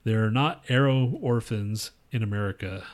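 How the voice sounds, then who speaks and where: This podcast co-host is a man with a lowish voice and a normal pace. In casual banter he rambles through crude jokes, swears a lot, and reads trivia facts aloud.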